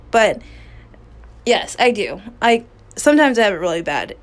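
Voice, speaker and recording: A woman hosting her own podcast, telling a personal story in a frank, casual way, swearing freely and pausing to restart her sentences. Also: mid-range voice. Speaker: podcast host.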